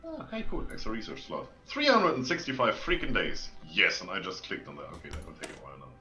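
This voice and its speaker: A man's voice: low-pitched, huge pitch swings, quick pace, sharp tone. A man co-hosting a strategy game livestream, reacting and exclaiming at what happens on screen. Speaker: co-host of a gaming stream. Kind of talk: casual gaming livestream chat. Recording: game music clearly audible behind.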